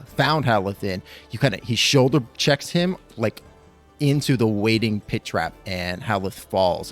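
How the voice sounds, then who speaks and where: A man's voice: lowish voice, vocal fry. A man narrating as game master of a tabletop game, rambling with many ums and likes.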